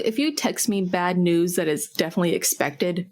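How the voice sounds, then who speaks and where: A woman's voice: on the low side, normal speed, a little mellow. A woman co-hosting a podcast in casual chat, bubbly and rambling, often poking fun at herself. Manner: bubbly, rambling, self-deprecating. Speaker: podcast co-host.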